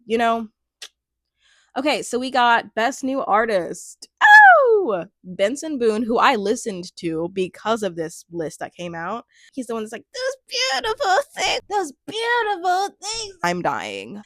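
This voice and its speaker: A woman's voice: medium pitch, fairly bright tone, no echo, studio quality. A woman in her twenties chatting casually as a music vlogger, laughing often and trailing off into restarts. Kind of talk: casual commentary vlog.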